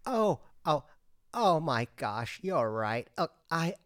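A woman's voice: sits low, big pitch swings, takes it slowly, dry recording, studio quality, full character voice. A woman playing a homesick male cafe customer in a comedy sketch, swinging between meek apologies and indignant outbursts. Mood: apologetic.

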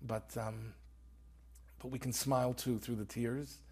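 A man's voice: mid-range voice, fairly even intonation, a little slow, darkish tone, breathy edge. A man, an author and rabbi, telling a story earnestly in conversation and peppering it with Hebrew terms. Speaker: author guest.

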